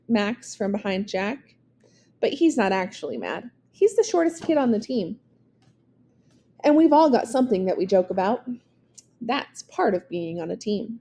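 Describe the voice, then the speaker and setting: Reading a verse novel to her listeners, this woman speaks at a medium pitch with a mellow, warm tone, keeping her pace measured and her expression vivid.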